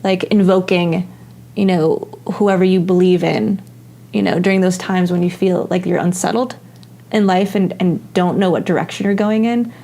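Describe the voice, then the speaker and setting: A woman's voice: fairly low pitch, steady tone, moderate pace, dark tone. Chatty woman host, lots of "like". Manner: chatty, agreeable, many "like"s and "you know"s. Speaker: coach and show host. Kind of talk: casual chat.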